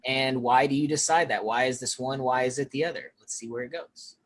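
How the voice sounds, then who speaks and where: Presenter, mid-pitched and hurried, informal with filler-heavy delivery. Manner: rushed, with frequent fillers. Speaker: featured speaker. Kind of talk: presentation on accents.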